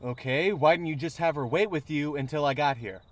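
A man's voice: a little high, brisk, natural voice. A young man playing a sarcastic, incredulous sidekick in a comedy sketch.

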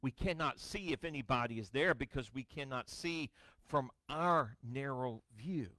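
A male pastor preaching a sermon, reading scripture dramatically with wry storytelling asides, his voice swinging from booming to hushed. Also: normal speed, no room sound. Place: church sanctuary.

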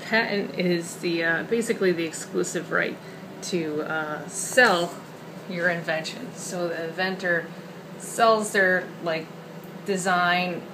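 A woman's voice: on the low side, takes it slowly. Rambling woman on noisy home video. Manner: chatty, rambling, with many fillers. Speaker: children's book author. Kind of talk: casual talk to camera.

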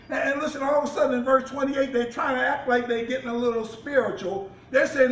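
A man's voice: very high-pitched, fairly even intonation, brisk, few pauses, a bit bright, roomy sound, far from the mic, poor audio. A man, a pastor, preaching a sermon with rising fervor and repeated restarts.

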